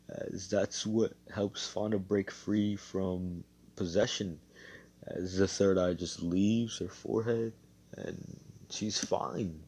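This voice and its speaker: A man's voice: low-pitched, fairly even intonation, slow pace, darkish tone, slightly rough. A man casually telling a fan-made story in loose slang, full of swearing and fillers.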